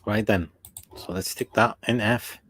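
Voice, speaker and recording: A man's voice: on the low side, steady tone, a little slow, a bit bright. A man hosting a casual live chat, easygoing and laughing along as he runs through a list. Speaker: host.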